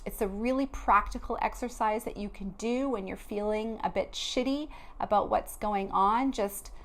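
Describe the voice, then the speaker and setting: Earnest woman, spiritual vlogger, mid-pitched, heartfelt and unscripted. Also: moderate pace. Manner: earnest, heartfelt, loose with many restarts. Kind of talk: earnest motivational talk to camera.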